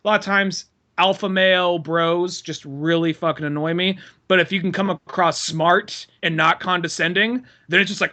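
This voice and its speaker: A man's voice: high voice, fairly even intonation, normal speed, sharp tone. A man co-hosting a podcast, chatting casually with hedges and swearing. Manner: chatty, hedging, profane. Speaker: podcast co-host. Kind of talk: casual chat.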